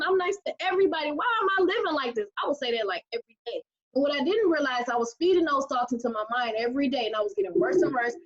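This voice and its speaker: A woman giving a chatty motivational pitch to live viewers, with many "okay?" asides. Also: highs cut off. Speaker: team recruiter presenting a trading program.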